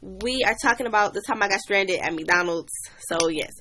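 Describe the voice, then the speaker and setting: A woman's voice: medium pitch, normal speed, bright, forceful tone, a little hiss or hum. A young woman chatting on a livestream, animatedly telling a story and greeting new viewers. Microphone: webcam or phone mic.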